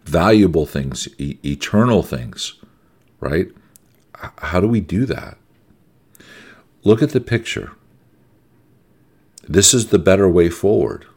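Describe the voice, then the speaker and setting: Male preacher, American, middle-aged, very low voice, swings up and down a lot, emphatic conversational sermon. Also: big pitch swings, slow, pauses often, darkish tone, slightly rough. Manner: emphatic, conversational, repeats words for stress.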